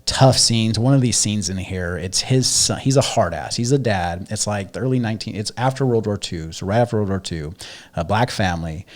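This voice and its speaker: A man co-hosting a casual podcast chat, telling stories in a rambling, profane way and loudly acting out quotes. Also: on the low side, a little fast. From Northern California. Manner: rambling, profane storytelling with loud acted-out quotes. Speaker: podcast co-host.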